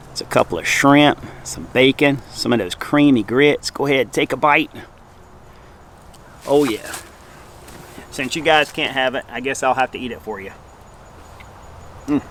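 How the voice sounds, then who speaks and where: A man's voice: medium pitch, fairly bright tone, slight background noise. A man hosting a casual outdoor camp cooking show, talking to viewers in a folksy, friendly way while outdoors in the woods.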